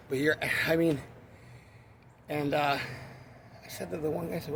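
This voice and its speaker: Heated, profane man with a gravelly voice. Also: fairly high pitch, steady tone, moderate pace, long pauses, fairly bright tone, slight background noise. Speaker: forklift worker. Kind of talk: angry storytelling rant.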